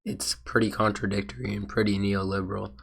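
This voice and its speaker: A man's voice: fairly low pitch, little pitch movement, a little fast, vocal fry, a bit bright, slightly rough. A man who is sick and losing his voice, streaming and reacting to a video with rambling, hesitant casual commentary. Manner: rambling, hesitant, full of restarts.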